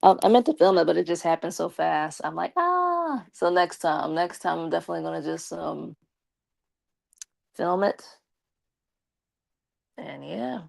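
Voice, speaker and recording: A woman's voice: on the low side, fairly even intonation, moderate pace, creaky, long pauses, a little mellow, no echo. A young woman live streaming and chatting casually with her viewers, slangy and talkative, with a slight lisp from her braces. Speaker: live streamer talking to chat.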